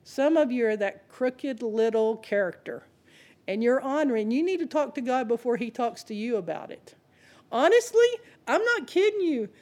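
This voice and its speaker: Woman, preacher, higher-pitched voice, sermon, conversational, humorous storytelling. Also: moderate pace, dark tone. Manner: conversational, addresses the congregation directly.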